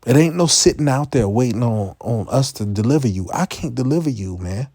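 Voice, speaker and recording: A man giving a profane, impassioned street-preaching rant, full of stammered restarts and sudden rises to near-shouting. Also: mid-range voice, lively intonation, fairly quick, dry recording.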